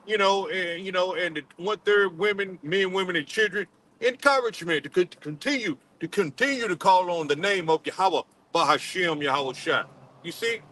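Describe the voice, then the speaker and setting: A man preaching a sermon in a halting, repetitive way, full of fillers, and calling on another man to read scripture aloud. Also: high-pitched, bright, forceful tone, slight background noise, poor audio. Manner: halting, repeats words, many fillers, calls on a reader. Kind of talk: street-style sermon with scripture reading.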